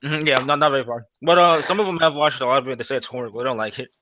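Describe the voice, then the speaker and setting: A man's voice: medium pitch, very fast, sharp tone, dry recording, lo-fi sound. A young man in casual chat, easygoing and agreeable, with hesitant fillers.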